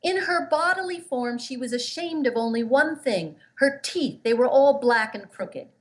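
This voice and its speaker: An earnest woman guest tells her story with emphasis, her voice a touch higher than most. She acts out the quoted voices as she goes. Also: animated, moderate pace. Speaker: guest, relationship therapist. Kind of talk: interview storytelling.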